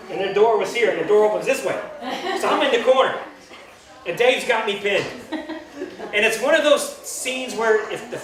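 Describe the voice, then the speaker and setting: Man, high voice, rambling roast storyteller; distant mic in an echoey hall with a crowd. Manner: rambling, laughing through his own stories. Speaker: roast speaker telling stories. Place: large hall at a birthday party.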